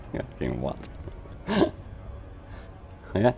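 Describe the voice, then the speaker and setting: Deep-voiced, sweary man streaming. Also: wildly swooping pitch, extremely slow, gravelly, noisy background. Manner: laid-back, sweary and matey, saying "mate" often. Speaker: game streamer. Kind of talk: casual live-stream chat.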